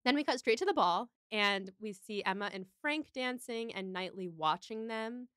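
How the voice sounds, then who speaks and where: A woman's voice: medium pitch, normal speed, a bit bright, clear, resonant tone, no echo, studio quality. A woman co-hosting a podcast, casually recapping a film in enthusiastic, rambling detail. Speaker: podcast co-host.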